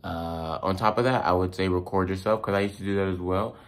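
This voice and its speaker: A young man from the United States talks casually to his viewers, his voice sitting very low. He rambles, restarts his sentences and leans on fillers as he shares tips. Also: steady tone, brisk. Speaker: language-learning YouTuber.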